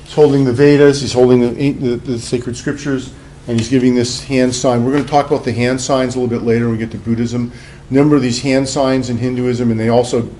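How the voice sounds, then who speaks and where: A man's voice: mid-range voice, mellow, slight background noise, poor audio. A man giving a classroom lecture as a psychology professor, loose and conversational, with many fillers and asides.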